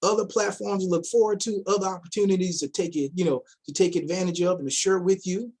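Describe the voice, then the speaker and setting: A man's voice: high voice, fairly even intonation, quick pace, a little mellow, slightly rough. A man giving casual commentary as an investment vlogger, firing off rhetorical questions, repeating himself and mocking imagined investors in quoted voices.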